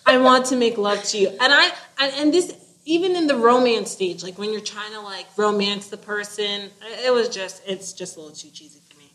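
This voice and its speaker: A woman's voice: mid-range voice, a little fast, hardly any pauses, fairly bright tone, rough recording. A woman co-hosting a casual book discussion, chatty and blunt, with lots of "like". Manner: chatty, full of "like", blunt opinions. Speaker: podcast co-host discussing a book. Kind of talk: casual chat.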